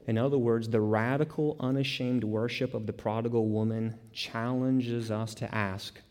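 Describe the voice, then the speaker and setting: A man's voice: medium pitch, fairly even intonation, moderate pace, few pauses, a little mellow. A man preaching a sermon, emphatic, piling up repeated words and rising into bursts. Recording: long hall reverb.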